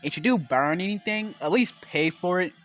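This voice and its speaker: A blunt, laid-back teen boy hero, as a man puts him on while telling a fan story. The voice is barely changed, offhand and casual, with curses thrown in, and lighter in pitch than most men's. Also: expressive, moderate pace, fairly bright tone, soft background music. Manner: offhand, cursing.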